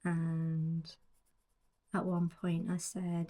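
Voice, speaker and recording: A woman in her forties giving soft, reflective narration that often drifts into whispers. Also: lowish voice, fairly even intonation, takes it slowly. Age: 40s. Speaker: colouring book author.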